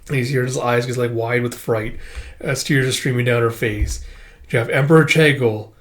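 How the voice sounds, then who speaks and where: A man's voice: mid-range voice, fairly even intonation, normal speed. A man casually reading and recapping a comic aloud, rambling with fillers and forgetting names. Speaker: manga reader and recapper.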